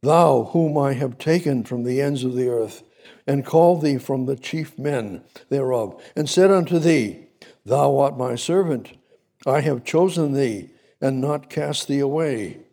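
A man's voice: mid-range voice, unhurried, vocal fry, dark tone, long reverb tail. A man preaching a sermon, reading scripture aloud and repeating key words for emphasis. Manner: repetitive, building emphasis, reads scripture aloud.

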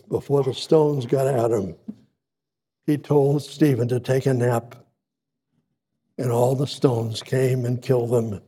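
A man preaches a sermon, expounding scripture deliberately, repeating words for emphasis and growing louder on key points. His delivery is halting, full of restarts and asides, and his medium-pitched voice has a breathy edge.

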